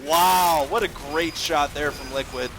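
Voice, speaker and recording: A man's voice: a little high, a little slow, a loud crowd. A man casting a live online game match, calling plays over a headset and joking with his co-caster. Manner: excitable, joking, rises sharply on big plays. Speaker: esports caster. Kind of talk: live play-by-play commentary.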